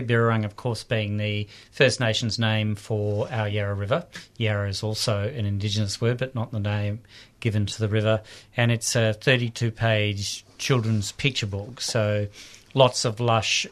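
Low-voiced man explaining as a guest. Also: fairly bright tone. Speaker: river keeper, co-author. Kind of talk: radio interview guest. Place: radio studio.

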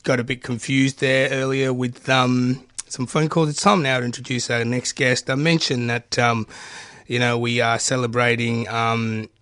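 A man's voice: mid-range voice, flat delivery, moderate pace, fairly bright tone, smooth, no room sound, studio quality. A man hosting a community radio program, speaking hesitantly with many fillers. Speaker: radio host.

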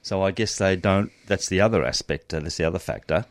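A man's voice: deep voice, brisk, dry recording, clean studio sound. Hesitant man quizzing his co-host. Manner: quizzing, hesitant with many ums. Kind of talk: casual sports chat.

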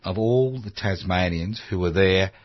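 Older man, deep husky voice. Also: unhurried, no echo. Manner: opinionated, holds forth at length. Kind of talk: casual chat. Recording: dull lo-fi sound.

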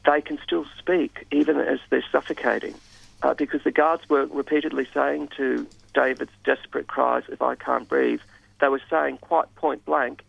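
Gravelly man on a dull dry radio line. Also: medium pitch, steady tone, no echo. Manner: measured, hesitant with many fillers. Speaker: radio guest. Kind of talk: radio interview.

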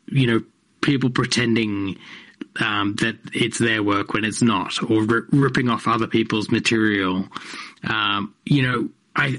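Rambling comedian, often laughing. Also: male voice, medium pitch, fairly bright tone. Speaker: comedian guest. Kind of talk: casual interview chat. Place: radio studio.

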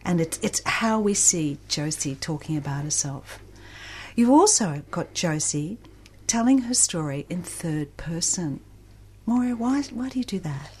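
A woman hosts a radio book program, talking chattily with lively bursts of emphasis. Her voice sits slightly low for a woman and comes across close on a studio mic. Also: unhurried, slight background noise. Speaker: radio book show host. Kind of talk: radio interview.

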